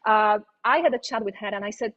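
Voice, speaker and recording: A woman from Poland with a Polish accent, an interview guest telling her career story in a lively, chatty way with frequent fillers. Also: medium pitch, fairly quick, muffled recording.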